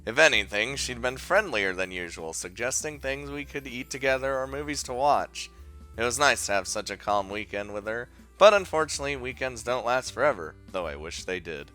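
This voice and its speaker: A man narrating a visual novel and riffing on it in a casual, self-mocking way, swearing now and then. His pitch is animated and his tone bright, and faint music runs behind him. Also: brisk. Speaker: let's play host. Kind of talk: casual commentary and story narration.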